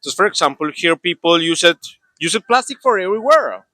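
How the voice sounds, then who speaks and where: A young man with a Colombian Spanish accent, a native Spanish speaker, talking in an interview in halting English with many restarts. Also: high-pitched, lively intonation, sharp tone, no room sound. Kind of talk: casual interview talk.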